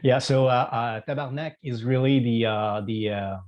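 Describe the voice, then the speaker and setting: A man's voice: mid-range voice, normal speed, muffled recording. A man from Quebec with a Quebec French accent, a guest musician in a casual interview, talking hesitantly with many fillers and restarts.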